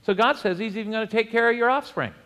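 A man preaching a sermon in a conversational way, with joking asides and chuckles and slow, deliberate scripture reading. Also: sits high, a bit bright, big-room sound. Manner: reads scripture slowly and deliberately. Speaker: pastor.

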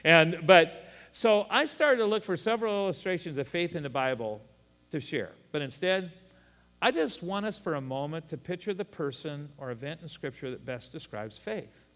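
A man's voice: a little high, normal speed. Folksy man preaching in a reverberant hall. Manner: animated, folksy asides with laughs. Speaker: pastor. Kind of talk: sermon.

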